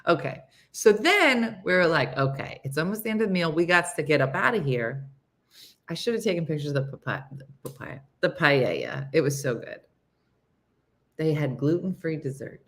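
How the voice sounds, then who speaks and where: A middle-aged woman hosts a casual morning show and tells a funny story from a night out. Her pitch swings widely as she jumps in and out of her friends' voices, often breaking into laughter. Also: moderate pace. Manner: animated, acts out friends' lines in higher voices, laughs a lot.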